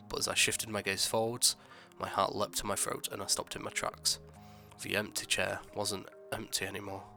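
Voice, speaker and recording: A man narrating a first-person horror story in a measured, dramatic way. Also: fairly low pitch, gravelly, bright, forceful tone.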